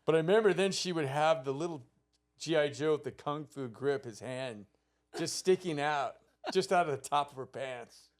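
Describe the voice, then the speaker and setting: Profane storytelling man, higher-pitched voice. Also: moderate pace. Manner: vivid, profane storytelling that acts out the people in his stories. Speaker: podcast host. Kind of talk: casual storytelling chat.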